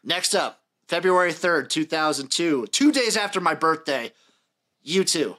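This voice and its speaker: A bright, somewhat high-pitched young man in his late twenties hosts a casual sports podcast. He runs through a list in order, reading out dates and acts with dry asides. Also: expressive, a little slow. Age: late 20s. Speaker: podcast host.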